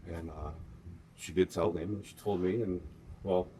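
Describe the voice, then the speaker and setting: A middle-aged man, a guest on a podcast, talking in a measured, hesitant way with frequent "uh" and "um". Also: sits low, steady tone, mellow, a little hiss or hum. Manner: measured, hesitant, many uhs and ums. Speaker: guest, host's partner. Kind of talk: casual conversation.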